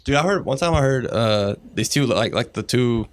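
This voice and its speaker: A man's voice: medium pitch, lively intonation, moderate pace. A man co-hosting a comedy podcast, reacting with laughs and telling stories in casual chat. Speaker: podcast co-host.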